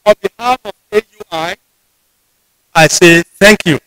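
A man with a Nigerian English accent giving a formal convocation address in a measured, deliberate way, often restarting his phrases. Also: sits high, pushed and bright, clear, resonant tone, dry recording, soft background music, poor audio. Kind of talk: formal ceremonial speech. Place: ceremony venue.

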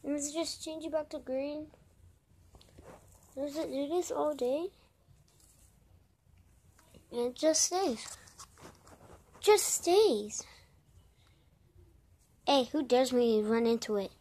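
High-voiced woman voicing a brash squabbling group. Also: takes it slowly, long pauses. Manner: brash, swears often, switches between shouting and mumbling. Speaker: voice-over creator. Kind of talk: voicing a group of characters in a homemade story.

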